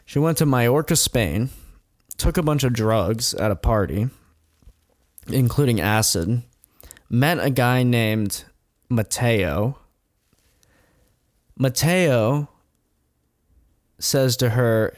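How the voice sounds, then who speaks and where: A man's voice: mid-range voice, expressive, slow, pauses often, dry recording. A man in his middle register spins a story in loose, rambling talk, chuckling often and dropping blunt, profane asides. The sound is dry and close, with no room around it. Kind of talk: casual storytelling chat.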